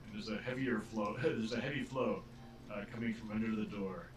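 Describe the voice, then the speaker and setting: A man running a tabletop game as game master, narrating in a halting way full of filler sounds. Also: on the low side, music in the background. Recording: roomy, distant from the mic.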